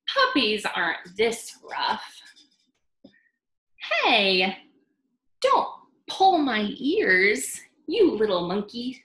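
A woman's voice: medium pitch, very animated, extremely slow, pauses often, echoey room, exaggerated voice, poor audio. Woman doing a teasing, playful storybook dad. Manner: loud and teasing, sometimes a hushed growl.

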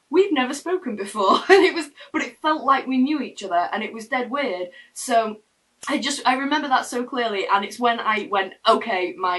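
A woman's voice: a little high, fairly bright tone, distant mic, poor audio. A young woman telling a personal story to camera in her room, in a chatty, rambling way with frequent restarts. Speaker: vlogger. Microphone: camera mic.

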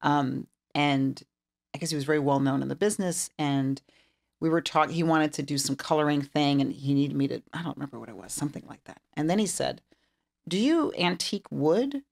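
A woman's voice: deep voice, a little fast, vocal fry. A middle-aged woman, an interior designer, telling stories in an interview and acting out the dialogue. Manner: animated storyteller who acts out quoted dialogue. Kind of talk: storytelling interview chat.

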